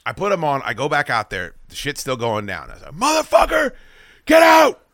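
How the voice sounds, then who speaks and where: A man hosting a podcast, telling a story casually and with lots of swearing, acting out his own shouts. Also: mid-range voice, fast, dry recording, studio quality. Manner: profane, animated, acts out his own shouting. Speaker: podcast host.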